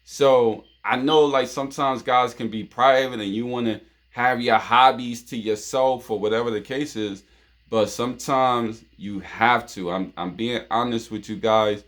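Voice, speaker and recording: A man from New York hosts a casual monologue of relationship advice. His voice is mid-pitched, and he keeps looping back with "you know what I'm saying" and repeated phrases, the way friends talk. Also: steady tone, measured pace, a bit bright. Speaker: show host.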